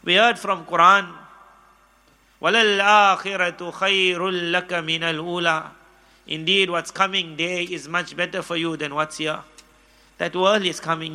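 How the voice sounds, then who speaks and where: Bright, high-voiced storytelling preacher man. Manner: chatty, humorous, acts out dialogue. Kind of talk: storytelling sermon.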